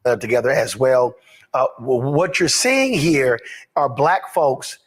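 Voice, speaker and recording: A man hosting a televised political talk show, brisk as he hands off to a guest. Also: medium pitch, animated, slightly rough.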